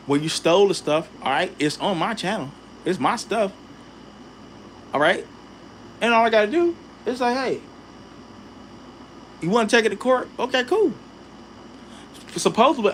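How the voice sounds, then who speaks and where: Young adult man, higher-pitched, animated vlog rant aimed straight at viewers. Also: a little hiss or hum. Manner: animated, heated, addresses viewers directly with slang. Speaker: channel host. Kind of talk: casual ranting vlog.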